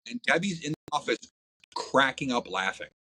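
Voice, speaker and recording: A man, a podcast guest, telling crude, blunt stories in a casual, animated way. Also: mid-range voice, moderate pace, breathy edge, poor audio. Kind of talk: profane casual storytelling.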